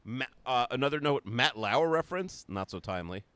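A man's voice: medium pitch, animated, fairly quick, fairly bright tone, clear, resonant tone, no room sound. A middle-aged man from the United States co-hosting a podcast, chatting casually with dry, wry asides. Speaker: podcast co-host. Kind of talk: casual chat.

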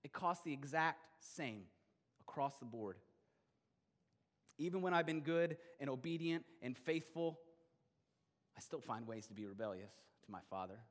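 A middle-aged male pastor delivering a sermon, swinging between loud emphatic bursts and quiet, intimate stretches. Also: medium pitch, lively intonation, moderate pace, long pauses. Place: church sanctuary. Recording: long hall reverb.

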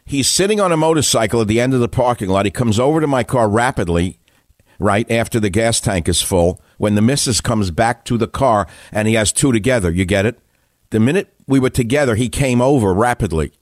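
A man's voice: medium pitch, animated, brisk, dry recording, clean studio sound. A man hosting a talk radio show, musing and self-described as cynical, wandering between thoughts.

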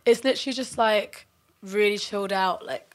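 A young woman with a croaky, nasal voice, chatting bluntly as a DJ guest on a podcast. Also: medium pitch, normal speed. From London. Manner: blunt, laughing, full of London slang. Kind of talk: casual chat.

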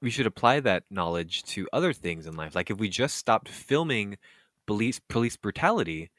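Lively, bright-voiced joking man. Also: lowish voice, moderate pace, dry recording, clean studio sound. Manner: animated, joking, swears freely. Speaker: podcast co-host. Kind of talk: crude casual banter.

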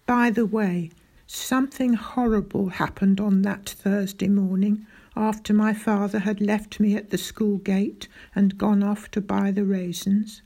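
Slow, gravelly woman reading a story. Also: mid-range voice, fairly even intonation, warm tone. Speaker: audiobook narrator. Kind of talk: scripted storybook narration as a boy.

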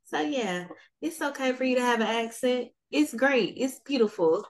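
A woman's voice: sits high, lively intonation, moderate pace. A woman with a Southern US accent from North Carolina, hosting a podcast interview in a chatty, upbeat way. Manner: chatty and upbeat, laughs often. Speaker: podcast host. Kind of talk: casual interview chat.

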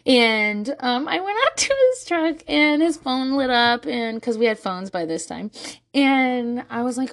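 A woman's voice: sits high, animated, moderate pace, a bit bright. A young woman telling a candid, self-mocking story in a casual monologue, swearing freely and laughing often. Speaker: podcast host.

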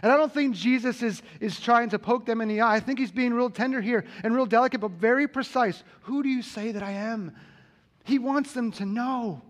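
Male pastor, high-pitched, earnest sermon delivery with repeated key lines. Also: fairly quick, few pauses.

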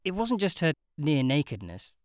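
An audiobook narrator reading a novel in a measured, wry storytelling manner. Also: mid-range voice, very animated, no room sound, studio quality. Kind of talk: scripted narration.

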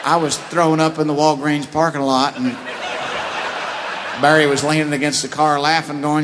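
A man who is a comedian guest, telling a long anecdote in a profane, laughing, animated way. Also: on the high side, moderate pace, noisy background. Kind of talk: storytelling anecdote.

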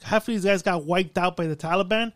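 A man co-hosting a podcast, recapping a movie in a profane, animated storytelling style. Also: sits high, a little fast, no echo. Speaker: podcast co-host. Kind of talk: casual chat, movie recap.

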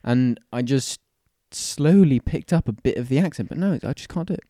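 Mellow, easygoing young British man. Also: mid-range voice, animated, moderate pace, no room sound, clean studio sound. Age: 20s. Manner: self-deprecating, easygoing. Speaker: podcast co-host. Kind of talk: casual chat.

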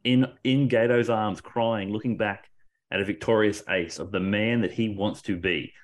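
A man with a low voice in loose, excited conversation. He rambles, breaks off and restarts his sentences, and swears casually as he gets carried along. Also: normal speed. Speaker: podcast co-host. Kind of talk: casual wrestling discussion.

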